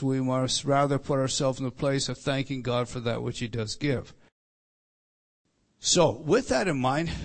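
A man preaching an expository sermon, emphatic, often repeating himself and restarting sentences. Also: mid-range voice. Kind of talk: expository sermon on a Bible passage.

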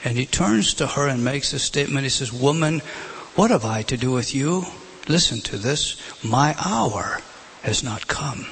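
A man preaching a sermon, moving between a spoken delivery and dramatic drops to a hushed whisper. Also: mid-range voice, expressive, a little slow, creaky, slight background noise, rough recording.

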